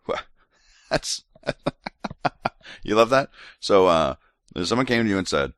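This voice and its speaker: A man's voice: extremely low pitch, moderate pace, pauses often, no echo, studio quality. A tipsy man hosting a podcast, joking wryly through scripture commentary. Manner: joking, wry, animated asides. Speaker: podcast host.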